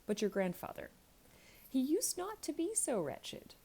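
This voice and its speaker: Woman voicing a storybook wife, timid, kindly, soft, faltering, a little gravelly. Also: high-pitched, big pitch swings, unhurried, pitched above the performer's own voice, full character voice. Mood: gentle.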